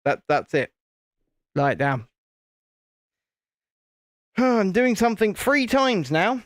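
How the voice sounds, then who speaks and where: A man's voice: high-pitched, big pitch swings, takes it slowly, dry recording, clean studio sound. A British man hosting a live stream, chatting casually and playfully with viewers while building a toy set, often stopping and restarting his sentences.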